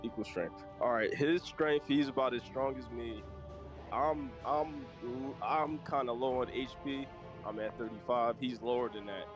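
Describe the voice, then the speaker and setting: A man's voice: mid-range voice, unhurried, music in the background. Hesitant player man on a dull mic. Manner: hesitant, stops and restarts with many fillers. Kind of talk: playing a tabletop game.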